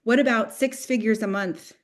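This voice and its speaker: Energetic woman leading a sales team call. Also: fairly high pitch, moderate pace. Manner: energetic, swings between hushed and loud, acts out quotes. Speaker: network marketing team leader.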